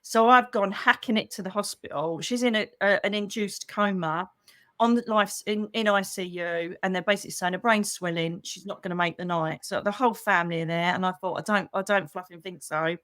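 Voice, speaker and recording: A middle-aged woman, a psychic medium, hosting a livestream and telling a story in a lively, chatty way, acting out the voices she quotes and calling people darling. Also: medium pitch, fairly quick, no echo, clean studio sound.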